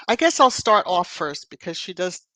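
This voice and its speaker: Woman host, casual playful livestream chatter, slow unhurried delivery, dry close mic. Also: on the low side, big pitch swings, sharp tone, dry recording. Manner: playful, chatty, laughs often. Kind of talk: casual live-chat talk.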